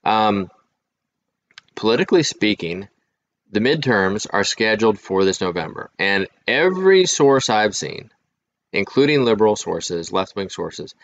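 A man's voice: on the low side, big pitch swings, a little slow, lo-fi sound. A man hosting his own channel, thinking aloud in casual commentary with frequent restarts. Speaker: channel host.

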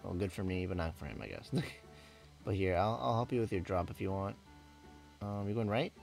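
A let's play gamer gives casual, rambling commentary as he plays, often correcting himself and laughing at his own slips. His voice is low, gravelly, and a little mellow.

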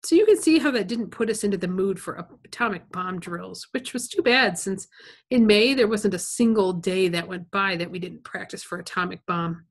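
A woman's voice: medium pitch, normal speed. A woman reading a novel aloud to listeners, stopping now and then to explain things in a chatty, plain way. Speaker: reader.

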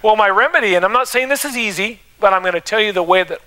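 Bright high-voiced man preaching. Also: fast talker, rough recording. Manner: preaching with rising emphasis and calls to the congregation. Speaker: pastor. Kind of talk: sermon. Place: church sanctuary.

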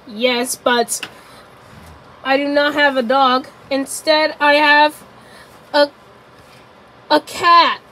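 Woman doing a worried, soft-spoken little lady. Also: sits high, fairly even intonation, drawn-out words, long pauses, voice pushed up, exaggerated voice, low-quality recording. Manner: hesitant, soft, with many ums.

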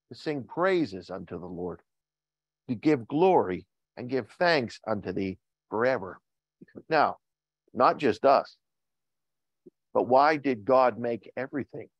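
An older man preaches a church sermon and reads old scripture slowly, lifting his voice on the key words. Between readings he talks plainly to his congregation. The recording is muffled and dry, with little room sound. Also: medium pitch, lively intonation, no echo. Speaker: pastor. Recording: dull lo-fi sound.

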